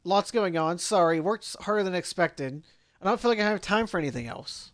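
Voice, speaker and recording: A man's voice: high voice, lively intonation, brisk, a bit bright. A man voicing an earnest young male doctor in his first job, read aloud plainly. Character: young male doctor, nervous new resident.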